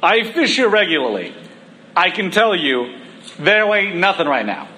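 A man's voice: high voice, very animated, normal speed, bright, forceful tone, slight background noise, heavily acted, rough recording. A man voicing a blunt, streetwise fisherman with a New York accent during a sermon. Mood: skeptical.

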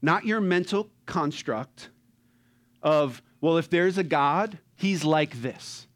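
A man preaching a sermon who acts out movie characters and swings between loud, excited bursts and hushed, tender tones. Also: a little high, takes it slowly. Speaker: pastor.

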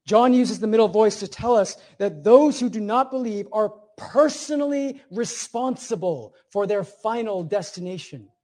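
A man preaching a sermon, building emphatic repeated phrases and slowing down to stress key words while explaining a point like a teacher. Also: very high voice, warm tone. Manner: emphatic, repetitive cadences with slow, stressed phrases.

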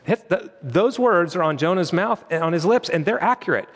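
A man delivering a sermon with an earnest, conversational manner, his voice sitting a little higher than most men's. A long reverb from the church hall trails behind his words. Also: expressive, fairly quick, hardly any pauses, breathy edge. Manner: earnest, conversational preaching with quoted prayers. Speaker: pastor.

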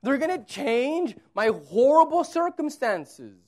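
Pastor, man, 30s, high-pitched voice; casual sermon, quiet asides and loud repeated emphasis. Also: big pitch swings, slow pace. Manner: conversational preaching, swings from quiet to loud emphatic repetition.

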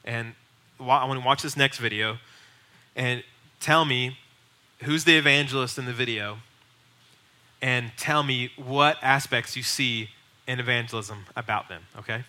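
Bold, sharp-voiced male pastor teaching. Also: mid-range voice, measured pace, pauses often. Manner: bold, emphatic, urging. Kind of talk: teaching sermon.

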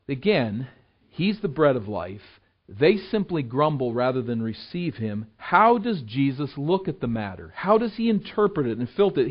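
A man delivers a sermon as pastor, his voice sitting a little high. He presses hard on key lines, then sinks low and quiet for earnest appeals. The recording is muffled and lo-fi. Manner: preaching with rising emphasis, dropping low and soft for appeals. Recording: dull lo-fi sound.

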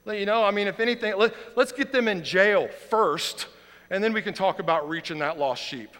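A man in his thirties preaching a sermon as pastor, impassioned and swinging from quiet to loud outrage. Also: sits high, moderate pace. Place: church sanctuary. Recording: long reverb of a large hall.

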